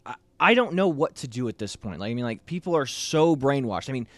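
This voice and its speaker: A man's voice: mid-range voice, big pitch swings, brisk, dry recording. A man co-hosting a casual political talk show, rambling and opinionated with frequent restarts. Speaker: co-host.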